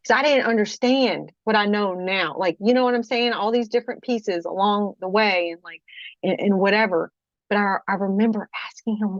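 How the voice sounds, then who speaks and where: Woman guest, mid-pitched, halting testimony with constant restarts and check-ins, dry slightly dull recording. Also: dry recording. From Kentucky, USA. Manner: halting, frequent restarts, keeps checking with "okay?". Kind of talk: personal testimony in interview.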